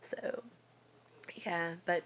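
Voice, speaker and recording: A young woman confiding in a rambling, soft, often whispered personal vlog. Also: extremely slow. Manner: rambling, confiding, many fillers. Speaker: vlogger.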